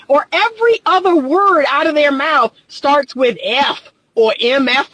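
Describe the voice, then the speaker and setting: A woman coaching on relationships over a livestream, firing off exasperated rhetorical questions and laughing between points. Her delivery is animated and emphatic. The sound is dry and close, with no room echo. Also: sits high, a little slow. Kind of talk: livestream commentary reading viewer comments.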